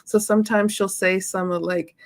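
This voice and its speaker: A woman's voice: mid-range voice, steady tone, normal speed. A woman co-hosting a book club podcast, chatting casually, laughing often and explaining eagerly. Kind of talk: casual chat.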